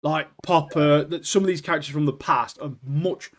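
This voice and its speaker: Excitable British lad, says mate a lot. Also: male voice, a little high, moderate pace. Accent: British English. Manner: excitable, says "mate" constantly, swears casually. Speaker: podcast co-host. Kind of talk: casual chat.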